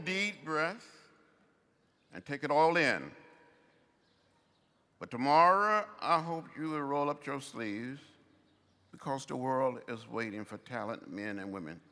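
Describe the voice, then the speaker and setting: An older man, delivering a commencement address in slow, rhythmic oratory. His bright, forceful voice rises and falls widely, and it carries a long reverb from the loudspeakers at a large outdoor ceremony. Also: medium pitch, lively intonation. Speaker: commencement speaker.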